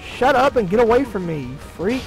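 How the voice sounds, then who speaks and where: A man giving profane, frustrated gaming commentary, swearing heavily and yelling at the game. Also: high-pitched, sing-song, normal speed, rough recording. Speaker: let's play gamer. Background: game music.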